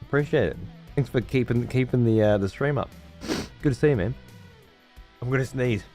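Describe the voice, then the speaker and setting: A man's voice: medium pitch, a little fast, mellow, soft background music. Sarcastic, sweary man streaming. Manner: profane, sarcastic banter. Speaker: livestream host. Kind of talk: casual chat with viewers. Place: room at home.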